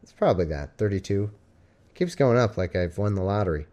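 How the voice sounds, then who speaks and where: A podcast host streams live from home with his cat nearby, rambling casually with plenty of jokes and filler words. His voice is on the low side and dark in tone, animated and fairly quick.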